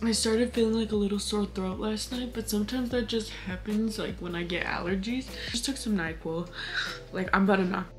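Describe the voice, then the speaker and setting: A woman's voice: mid-range voice, steady tone, brisk, music in the background. A woman in her twenties from Hawaii, chatting frankly to camera in a casual vlog, full of fillers and easy swearing. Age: 20s. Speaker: vlogger.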